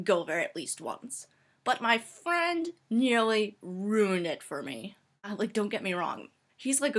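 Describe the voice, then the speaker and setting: A woman telling a comedic story in a chatty way, full of fillers. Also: mid-range voice. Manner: animated, chatty, many fillers like "like".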